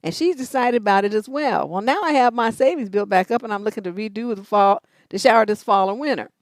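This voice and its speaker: A woman's voice: medium pitch, fast talker, dry recording. A middle-aged woman hosting a live advice show, telling stories bluntly and profanely, then reading out viewer questions. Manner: blunt, profane, animated storytelling with laughs.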